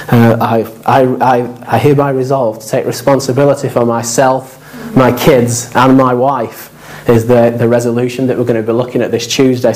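A man preaches a sermon at a middle pitch. He talks earnestly and repeats his points, with casual asides to the congregation. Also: a little mellow, low-quality recording. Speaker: pastor.

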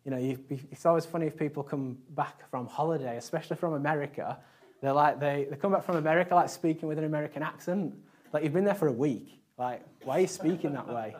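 A man in his thirties with a Yorkshire accent, preaching a sermon in a chatty, rambling way with fillers, growing louder on key points. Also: a little high. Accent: Yorkshire English. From Yorkshire, England.

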